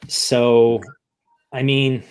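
In a candid interview, a male American author speaks emotionally and openly, with occasional swearing and many restarted sentences. His mid-range voice is level, clear, and resonant, and he draws out his words.

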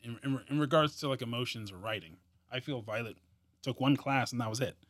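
A man co-hosting a casual anime review podcast, lively and laughing as he quotes characters. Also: medium pitch, fairly quick, no echo. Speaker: podcast co-host.

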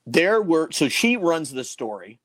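A man, a former morning radio host, telling a story as a podcast guest in a casual, animated way, swearing freely. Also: a little slow, dry recording. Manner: animated, swears freely, big swings in pitch and loudness.

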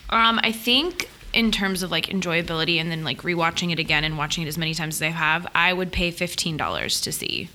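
Fast, bright-voiced woman on a podcast. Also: on the low side, expressive, slight background noise. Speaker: podcast co-host. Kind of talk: casual movie review chat.

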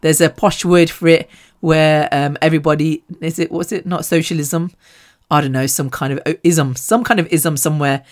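A woman hosting a podcast, talking casually and telling animated stories with frequent laughs. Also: low-pitched, normal speed. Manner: chatty, animated storytelling; laughs often. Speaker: podcast host. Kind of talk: casual chat.

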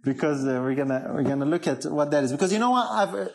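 A man's voice: on the high side, expressive, fast, vocal fry, darkish tone. A man preaching a sermon, emphatic, often asking the congregation questions.

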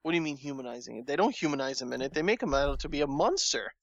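Gravelly man on a dull-sounding mic. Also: medium pitch, lively intonation, very fast, dry recording. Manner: laid-back, tired late-night talk with frequent fillers. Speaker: podcast co-host. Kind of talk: casual chat.

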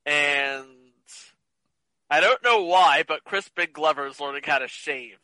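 A man joking casually through a movie commentary with quick asides. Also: on the high side, bright, forceful tone, dry recording, low-quality recording. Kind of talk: casual commentary over a film.

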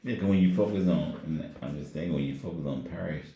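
A man's voice: very deep voice, quick pace, mellow. A man reflecting on scripture in a casual Bible study discussion, with lots of fillers. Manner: rambling, filler-heavy, reflective. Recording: echoey room with faint noise.

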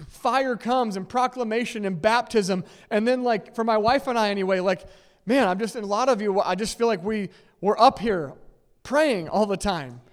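Guy preaching in a church, high voice, lots of "okay?" and "right?", long hall echo. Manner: conversational, many "okay?" and "right?" checks; laughs lightly between points. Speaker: pastor. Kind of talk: sermon. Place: church sanctuary with long reverb.

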